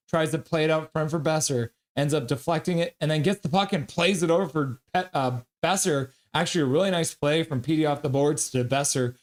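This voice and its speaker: A man casually calling a hockey game play-by-play on a live stream, reading chat and laughing along. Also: fairly high pitch. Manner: chatty, reads chat messages aloud, laughs often.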